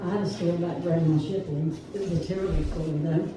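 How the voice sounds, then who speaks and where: A woman telling family stories in a quick, amused way. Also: lowish voice, fairly even intonation. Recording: distant mic, echoey hall, clear noise.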